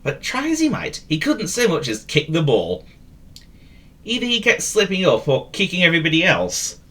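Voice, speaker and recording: A man's voice: a little high, huge pitch swings, normal speed, bright, forceful tone. A man narrating a children's story, with playful, teasing asides to the listener.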